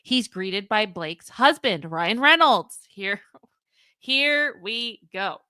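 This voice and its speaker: A woman's voice: mid-range voice, animated, slow, pushed and bright, clean tone, no echo, clean studio sound. A young woman hosting a live reaction stream, reading messages aloud and reacting with laughing disbelief. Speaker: commentary livestream host.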